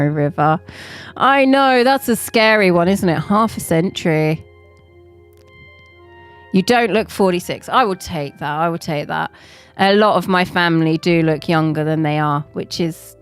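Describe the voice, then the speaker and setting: Chatty woman in her forties. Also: fairly low pitch. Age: 40s. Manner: chatty, rambling, laughs often. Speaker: streamer. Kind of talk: casual live-stream chat.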